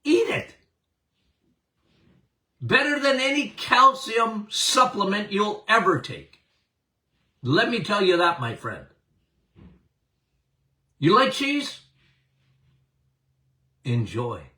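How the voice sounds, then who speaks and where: An older man hosting a health podcast, talking emphatically and excitedly to listeners, laughing often. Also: high voice, slow pace, pauses often, roomy sound, recorded from a distance. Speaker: podcast host and health doctor. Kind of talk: animated health talk to listeners.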